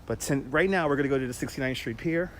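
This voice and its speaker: A man's voice: mid-range voice, fast talker, fairly bright tone, a little hiss or hum. A man hosting a live walking stream at night, chatting with viewers, reading their comments aloud and laughing often. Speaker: livestream host. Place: quiet city street at night, outdoors.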